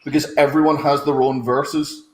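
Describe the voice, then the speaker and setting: A man, chatting in an animated, opinionated way on a comedy podcast. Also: mid-range voice, moderate pace, roomy sound. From Ireland. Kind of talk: casual podcast chat.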